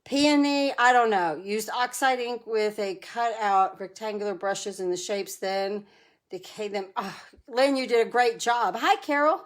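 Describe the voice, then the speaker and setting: A woman's voice: medium pitch, unhurried. A middle-aged woman from New Jersey hosting a casual live card-making tutorial, chatty and enthusiastic, greeting viewers by name.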